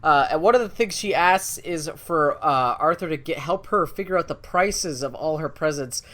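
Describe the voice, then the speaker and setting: A man co-hosting a podcast in casual chat, relaxed and wry, explaining at length. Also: a little high, moderate pace. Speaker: podcast co-host.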